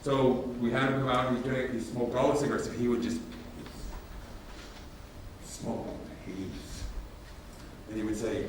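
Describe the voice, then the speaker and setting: A man gives a workshop talk, telling stories casually and acting out the dialogue with lively emphasis. He sounds far from the microphone in a very echoey hall. Faint ambient noise runs underneath. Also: mid-range voice, moderate pace, pauses often. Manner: casual, animated, acts out dialogue. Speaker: workshop presenter. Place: large room with audience.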